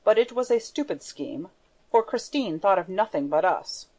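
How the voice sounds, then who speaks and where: Woman, audiobook narrator, measured, scripted storytelling. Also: medium pitch, expressive, darkish tone.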